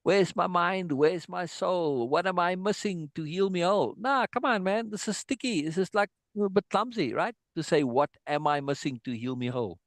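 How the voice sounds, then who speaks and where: Guy teaching a songwriting class online, thinks out loud, keeps saying right?, dry close sound. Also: high voice, lively intonation, moderate pace, hardly any pauses, no room sound. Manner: thinks aloud, checks in with frequent "right?". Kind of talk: informal online lesson.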